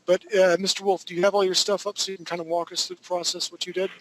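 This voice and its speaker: Man, fairly high voice, live art-class teacher, casual, rambling, jokey asides. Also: flat delivery, fast, slight background noise, poor audio.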